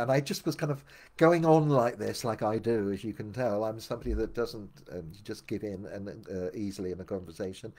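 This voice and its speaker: An older man telling his memoir aloud, meandering with many restarts and dropping quieter for asides. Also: a little fast. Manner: meandering, full of restarts, drops low for asides. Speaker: memoir narrator. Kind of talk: rambling spoken memoir storytelling.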